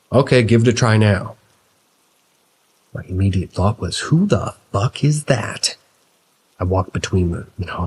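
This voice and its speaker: A man reading a scary story aloud in the first person, telling it in a measured way. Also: low-pitched, a little mellow, a little hiss or hum, low-quality recording. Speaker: narrator. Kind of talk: scripted horror story narration.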